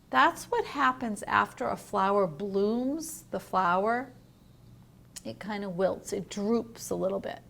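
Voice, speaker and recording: A woman teacher reading a picture book aloud to young children. She is gentle, explains words and asks questions. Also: mid-range voice, creaky. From United States.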